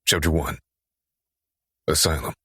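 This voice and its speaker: A man's voice: rumbling low, little pitch movement, a little slow, sharp tone, slightly rough, dry recording, studio quality. A man narrating an audiobook in the first person, with an intense, urgent, profane delivery.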